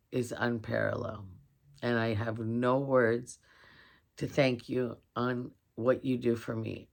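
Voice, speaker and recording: A woman vlogger talking warmly and emotionally to her viewers, near tears. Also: a bass voice, gravelly. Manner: emotional, tender, talks straight to viewers. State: tearing up. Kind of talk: heartfelt holiday vlog.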